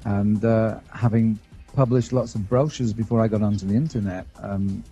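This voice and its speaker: A man's voice: lowish voice, steady tone, normal speed, mellow, faint music behind. A man as a podcast guest, explaining his work in an earnest, thoughtful way. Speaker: podcast guest, web designer. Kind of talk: casual interview.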